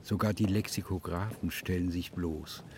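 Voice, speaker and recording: Brief: very deep male voice, deliberate recitation, faint ambience behind. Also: steady tone, darkish tone, a little hiss or hum. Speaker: narrator. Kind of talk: reading of text.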